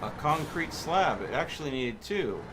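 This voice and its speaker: A man's voice: fairly high pitch, very animated, moderate pace, background noise. A man in casual chat while gaming with friends, joking and laughing easily, often self-deprecating. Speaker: gamer on a multiplayer stream.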